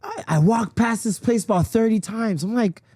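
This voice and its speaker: A man's voice: sits high, moderate pace, no room sound. A man hosting a podcast, telling stories in casual chat and laughing often. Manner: animated storyteller, laughs often. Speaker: podcast host.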